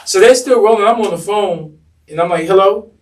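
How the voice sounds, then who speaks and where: Animated man telling stories in an interview. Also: high voice, brisk, far from the mic. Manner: animated storyteller acting out quoted voices. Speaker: fashion designer, interview guest. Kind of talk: casual storytelling interview.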